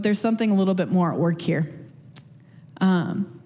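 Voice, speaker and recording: A woman's voice: lowish voice, moderate pace, long pauses, warm tone, big-room sound. A woman preaching a casual sermon and prayer, chatty, with many fillers and restarts.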